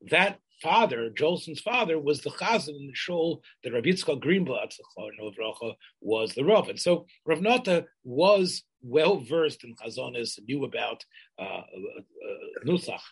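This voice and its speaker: Older man, husky, halting storytelling. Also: mid-range voice, sing-song, low-quality recording. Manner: halting, many restarts, Yiddish and Hebrew terms. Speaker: interviewee. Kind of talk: oral history interview.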